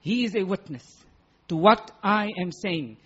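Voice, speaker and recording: High-voiced guy preaching, kinda husky, repeats stuff for emphasis, dull lo-fi sound. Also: animated, a little slow, bright, forceful tone. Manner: emphatic, repeats words for stress, acts out quoted voices. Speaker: Islamic preacher. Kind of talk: sermon explaining Quranic Arabic.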